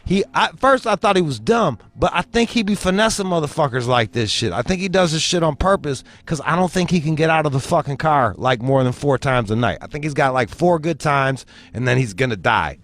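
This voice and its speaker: A man's voice: fairly high pitch, brisk, few pauses. A young man hosting a show, telling a story as a profane comedic rant and acting out the voices he quotes. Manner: animated storytelling, acts out quoted voices, swears heavily. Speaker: host.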